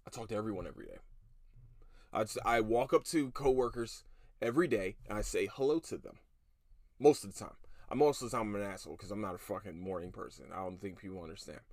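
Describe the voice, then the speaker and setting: A man's voice: mid-range voice, dry recording. Podcast host, 30s man, heated and sarcastic, dry close sound. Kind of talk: ranting story told to listeners.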